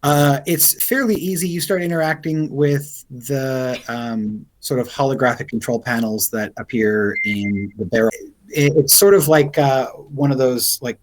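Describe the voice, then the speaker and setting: Serving as game master for an online tabletop game, a man describes scenes hesitantly, with frequent fillers and restarts. His voice sits at medium pitch and moves a little slowly, captured on a low-quality recording.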